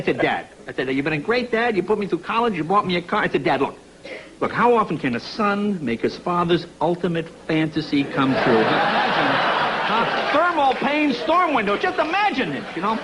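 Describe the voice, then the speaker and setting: A man's voice: high voice, sing-song, a little fast, a bit bright, slight background noise, low-quality recording. A middle-aged man, a talk show guest, telling a comic story and acting out his parents' voices in a TV studio. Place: TV studio with live audience.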